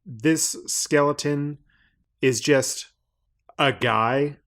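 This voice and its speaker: A man's voice: a little high, fairly bright tone. Laid-back man narrating as game master. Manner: laid-back, descriptive, halting with fillers.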